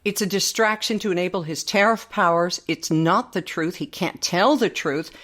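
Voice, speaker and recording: A woman from Alberta, Canada, hosting a casual podcast chat from home in an outspoken, lively way, quick to laugh. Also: on the low side. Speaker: podcast host. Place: home living room.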